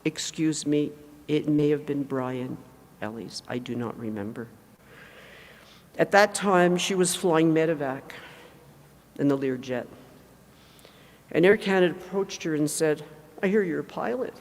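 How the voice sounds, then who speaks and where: An older woman, mother of the deceased, giving an emotional, halting eulogy with frequent self-corrections in a large hangar. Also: low voice, darkish tone. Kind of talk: memorial eulogy. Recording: long reverb in a large hangar.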